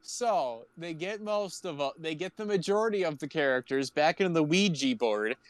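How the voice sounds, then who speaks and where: A man co-hosting a podcast, summarizing a movie plot in halting casual chat with many fillers. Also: on the high side, lively intonation, dry recording. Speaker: podcast co-host.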